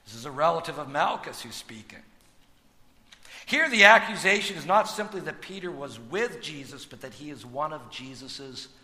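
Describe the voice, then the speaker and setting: A man's voice: on the high side, animated, moderate pace. Man preaching in a reverberant hall. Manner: dynamic, swings from hushed to loud emphatic preaching. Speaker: pastor. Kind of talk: sermon.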